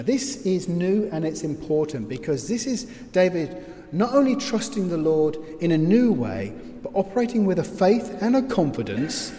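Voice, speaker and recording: A man preaching an expository sermon, telling stories and acting out loud screams as he explains the text. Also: on the high side. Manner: storytelling, breaks into loud acted screams. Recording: long hall reverb.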